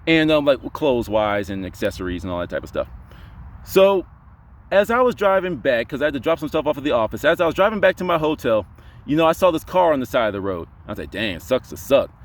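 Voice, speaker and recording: Brief: quick-talking young male vlogger, rambling storyteller, slightly high voice. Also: sing-song. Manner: rambling, heavy on fillers like "you know". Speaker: spiritual vlogger. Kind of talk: casual storytelling vlog.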